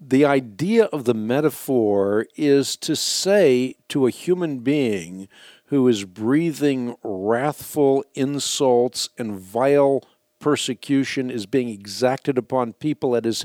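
A man hosting a call-in radio show, explaining Bible questions to callers in a measured, teacherly way. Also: mid-range voice, animated, darkish tone, no echo, studio quality.

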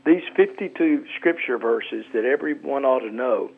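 An earnest man, a pastor and author, talks about scripture on a radio show. He calls in over a tinny phone line, and his voice sounds a little husky. He often stops and restarts his sentences. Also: medium pitch. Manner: earnest, halting with many restarts. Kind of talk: Christian radio talk.

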